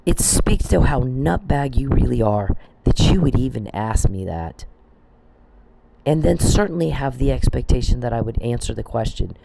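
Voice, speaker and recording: A man's voice: mid-range voice, lively intonation, moderate pace, creaky, background noise. A man delivering a profane, confrontational rant that speaks straight at the people he blames, often repeating and restarting phrases. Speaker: vlogger. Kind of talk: angry ranting monologue.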